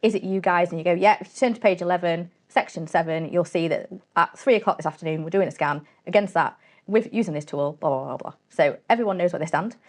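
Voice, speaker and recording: A woman who is a cybersecurity company CEO explains her work as a guest in a casual, straight-talking interview, acting out snippets of dialogue along the way. Her voice is on the low side, fast, with a darkish tone.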